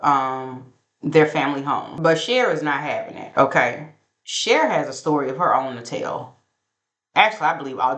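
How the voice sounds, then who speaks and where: A woman's voice: deep voice, fairly bright tone, reverberant. Sassy woman recapping reality TV. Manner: sassy, gossipy, talks straight to viewers. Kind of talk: casual recap commentary.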